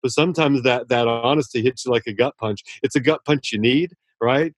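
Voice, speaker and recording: An earnest man talking as a podcast guest at a mid-range pitch. He is effusive and warm in his praise and often restarts sentences as his thoughts run ahead. The recording is close and dry, with no room sound. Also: fairly quick, dry recording. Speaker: author guest. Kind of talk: casual podcast interview.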